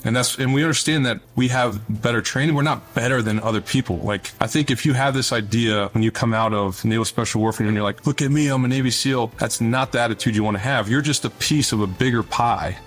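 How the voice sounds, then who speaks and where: A middle-aged former Navy officer, appearing as an interview guest, tells stories in a mid-range, slightly bright voice at a quick pace with few pauses. He's earnest and conversational, often repeating words as he begins a thought.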